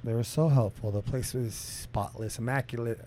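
A man co-hosting a casual chat, telling stories with lots of swearing, his voice rising sharply when he gets heated. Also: moderate pace. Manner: animated, profane storytelling that climbs in pitch when heated.

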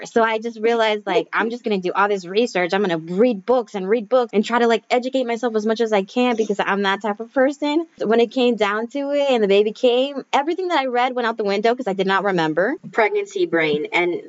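A woman's voice: medium pitch, a little fast, few pauses, no echo. A woman chatting casually and thoughtfully about new motherhood, quoting herself and others as she goes. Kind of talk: casual chat about parenting. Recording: dull, muffled recording.

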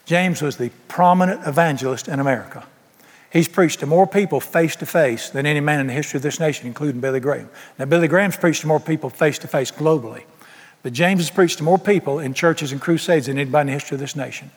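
Male preacher, folksy and emphatic, slightly high pitch, long church reverb. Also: fast, slightly rough. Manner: storytelling, emphatic, Southern folksy phrasing. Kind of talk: sermon.

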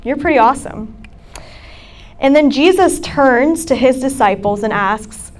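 Young woman preaching to college kids, kinda high voice, super chatty with lots of likes and ums. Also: lively intonation, measured pace. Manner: casual, chatty preaching with many fillers. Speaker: campus ministry speaker. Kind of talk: sermon talk.

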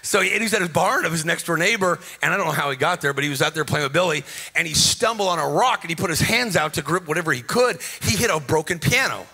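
A man's voice: fairly high pitch, animated, quick pace, bright, forceful tone, breathy edge, faint music behind. A man preaching a rousing, joking sermon at a conference, with a sing-song delivery and frequent calls to the crowd. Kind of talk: energetic sermon. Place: conference stage.

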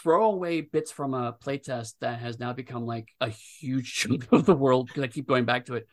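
A man with an ordinary mid-range voice talks as a guest about designing games. He rambles, restarts sentences and stays animated throughout. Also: medium pitch, moderate pace. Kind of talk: casual interview chat.

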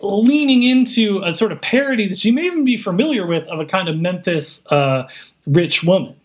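Man, podcast co-host, measured and polite, reasoned debate, high voice. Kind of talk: casual debate.

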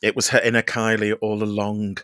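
A man's voice: on the low side, level tone, fairly quick, a bit bright, no echo, studio quality. A man guest-reviewing a show on a podcast, rambling and gossipy in casual chat. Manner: rambling, many fillers and restarts, gossipy.

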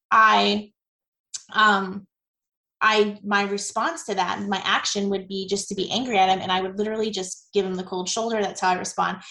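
A woman's voice: medium pitch, gravelly, a bit bright, roomy sound, rough recording. A woman in her forties, a guest telling her story in a candid, chatty interview. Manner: candid and chatty, with frequent fillers and laughs. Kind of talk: casual interview.

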